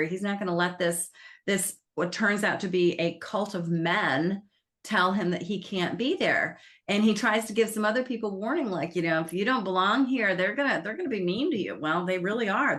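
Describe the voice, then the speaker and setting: A woman film critic, chatting casually and retelling a movie plot in an animated way. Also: medium pitch. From United States. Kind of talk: casual film review chat.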